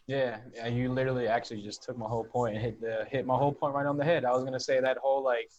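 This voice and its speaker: A man's voice: medium pitch, little pitch movement, racing, darkish tone. A man co-hosting a casual podcast, rambling enthusiastically. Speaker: podcast co-host. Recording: slightly dull lo-fi audio.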